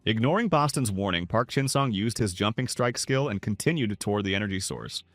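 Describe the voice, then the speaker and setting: A man narrating a comic recap in a steady, dramatic storytelling manner. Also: fairly low pitch, fairly quick, no room sound, soft background music.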